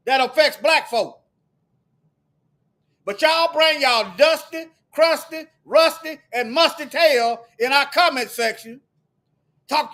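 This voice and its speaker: A man delivering a heated, preachy monologue to his viewers, firing off repeated rhetorical questions and sometimes shouting. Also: very high-pitched. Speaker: video commentator.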